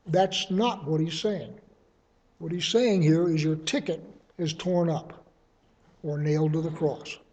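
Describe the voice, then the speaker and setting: A man's voice: fairly high pitch, steady tone, measured pace, darkish tone. A man giving a conversational sermon, explaining scripture verse by verse with everyday examples. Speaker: Bible teacher.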